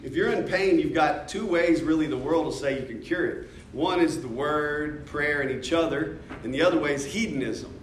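A man's voice: fairly high pitch, moderate pace, hardly any pauses, a little hiss or hum. A man with an American accent teaching a church discipleship class in a conversational way, asking the class questions and joking. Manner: conversational, asks the class questions, jokes and laughs. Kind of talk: informal teaching talk. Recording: echoey room from a distance.

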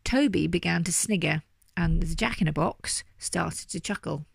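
A woman reading a children's story aloud with lively, animated delivery. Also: fairly low pitch, normal speed, gravelly, slightly rough, no room sound, clean studio sound. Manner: animated, doing character voices. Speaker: storybook reader.

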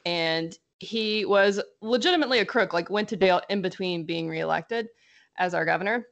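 A woman's voice: medium pitch, moderate pace, gravelly. A woman from South Louisiana with a slight Southern twang, chatting as a podcast guest and telling stories. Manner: chatty, animated storyteller. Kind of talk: casual podcast chat.

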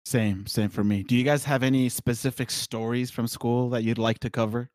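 A man's voice: mid-range voice, fairly even intonation, normal speed, a little mellow, dry recording. A man hosting a podcast, steering the topics with crude jokes. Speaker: podcast host. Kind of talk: casual chat.

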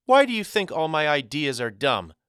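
A man voicing a spirited, bossy young girl with a high, sharp voice in an audiobook. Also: lively intonation, normal speed, dry recording, studio quality. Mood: indignant.

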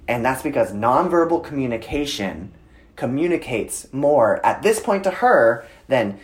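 A man in his thirties, a guest in an interview, explaining communication with lively storytelling and frequent filler words. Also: medium pitch, normal speed. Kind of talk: conversational interview.

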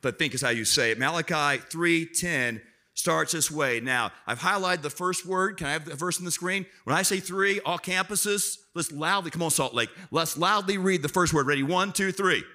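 Guest preacher, a man with a somewhat high, bright voice, joking with the congregation and calling for answers. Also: moderate pace. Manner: lively, self-deprecating, talks to the crowd and prompts responses. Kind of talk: sermon to a church congregation. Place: church auditorium.

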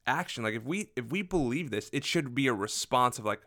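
A man's voice: medium pitch, fast talker, hardly any pauses, dry recording, studio quality. A man in a casual podcast chat, telling a personal story earnestly and animatedly, with lots of "like". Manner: earnest, animated, heavy use of "like". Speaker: podcast conversation partner.

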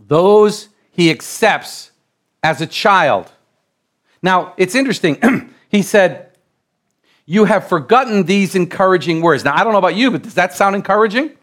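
Male preacher, middle-aged, from the United States, high voice, animated sermon that climbs to shouts. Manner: animated preaching, builds to loud exclamations; repeats and restarts phrases while building up.

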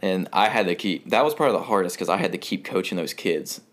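A man's voice: low-pitched, animated, fast. A man in his twenties from North Carolina, a guest telling his story in casual talk, rambling with fillers and frequent laughs. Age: 20s.

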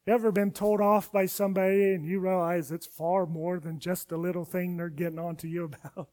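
A man with a high-pitched voice delivers a sermon, retelling scripture passages with dramatic readings of each character. His phrases often sink to a soft, low finish before the next line lifts again. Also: little pitch movement, fairly quick. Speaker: pastor. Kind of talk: expository sermon.

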